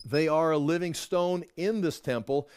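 Middle-aged male Bible teacher, slightly high pitch, reads scripture and comments between verses. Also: moderate pace, darkish tone, clean tone.

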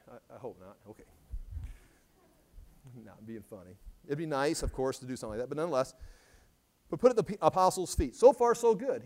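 A man with a high voice delivers a sermon in a conversational style. He explains scripture casually, often restarting and repeating words, and voices the figures he quotes. His pitch stays well above that of most men. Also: a little mellow. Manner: conversational preaching, quoting scripture in acted voices. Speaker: pastor.

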